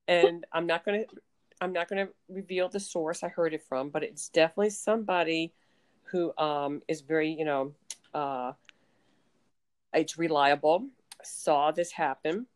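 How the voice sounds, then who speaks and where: A low-pitched woman co-hosting a casual chat. She tells stories animatedly, breaking into laughing asides. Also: fairly even intonation, unhurried, long pauses.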